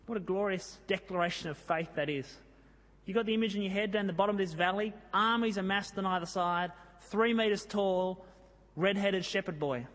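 A man with a high voice preaches in a church hall, where his words trail off in a long reverb. He tells the story in a lively way and reads scripture with drama. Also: normal speed. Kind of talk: sermon.

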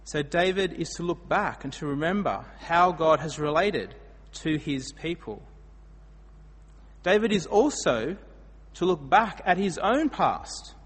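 Delivering a sermon through storytelling, this Australian preacher speaks a little slowly and expressively in a husky, somewhat high voice. Loud emphatic moments alternate with quiet asides, and long echo fills the hall.

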